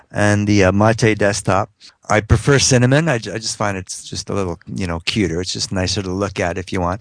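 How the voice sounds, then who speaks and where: Podcast co-host, man, deep-ish voice, halting and friendly, dry studio sound. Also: no echo. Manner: hesitant, many fillers and restarts. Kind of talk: casual tech podcast talk.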